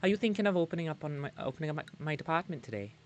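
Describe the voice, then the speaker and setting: A man's voice: fairly high pitch, expressive, racing, a little hiss or hum, close to an everyday voice. A man voicing a polite training team head with a loose put-on Welsh accent.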